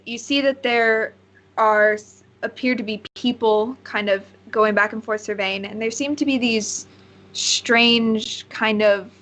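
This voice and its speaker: A woman's voice: on the high side, fairly bright tone. A woman narrating as game master of a tabletop game, rambling and searching for words with many fillers.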